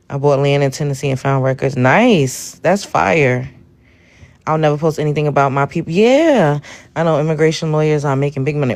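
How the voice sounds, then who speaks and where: A blunt, animated woman from Brooklyn. She hosts a livestream and talks straight to her chat. She is frank and outspoken. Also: lowish voice. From Brooklyn, New York. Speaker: livestream host. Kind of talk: casual livestream talk.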